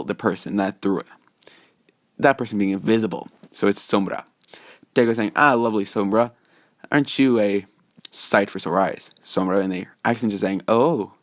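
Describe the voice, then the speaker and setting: Brief: a low-voiced man rambling through a fan story, recorded dry and close. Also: no room sound. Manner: rambling, full of restarts and "just saying". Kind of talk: casual fan-fiction narration.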